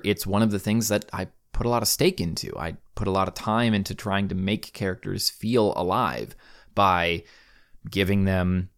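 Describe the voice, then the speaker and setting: A man hosting a podcast, talking earnestly and casually with frequent fillers and self-corrections. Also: fairly low pitch. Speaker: podcast host.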